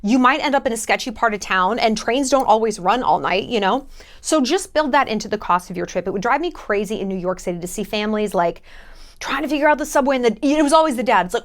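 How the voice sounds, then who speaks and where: A woman's voice: a little high, expressive, fast talker. A woman travel vlogger giving casual advice in a blunt, jokey, sometimes profane way.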